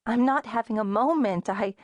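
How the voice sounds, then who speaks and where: A woman's voice: fairly high pitch, moderate pace, dry recording, lightly acted. A woman narrator voicing an exhausted, frazzled young mother with an exasperated, pleading manner.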